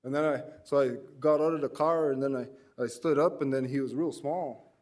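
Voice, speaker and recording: A man's voice: medium pitch, fairly even intonation, moderate pace, darkish tone. A man presenting at an education forum, telling rambling, self-deprecating anecdotes with many restarts. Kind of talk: anecdotal storytelling talk.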